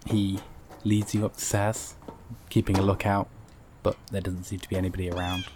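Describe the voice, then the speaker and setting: A man narrates a tabletop game as game master, halting and full of fillers. His voice sits fairly low. Clear noise hums behind the recording. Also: little pitch movement. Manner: hesitant, filler-heavy narration. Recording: noisy background.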